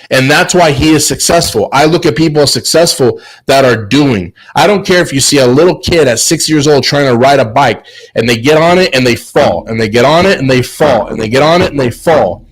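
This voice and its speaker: A man's voice: mid-range voice, breathy edge, rough recording. Guy hosting a show, preachy pep talk, keeps repeating himself, sounds like a video call. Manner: emphatic, preachy, repeats words. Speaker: host. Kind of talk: motivational talk.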